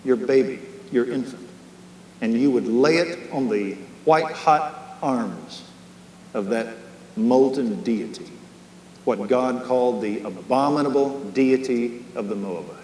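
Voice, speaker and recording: A man teaching a Bible study as a sermon, impassioned, swinging from hushed tones to raised, emphatic lines. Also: mid-range voice, measured pace. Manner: leads a closing prayer. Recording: echoey hall, faint hum, 1990s.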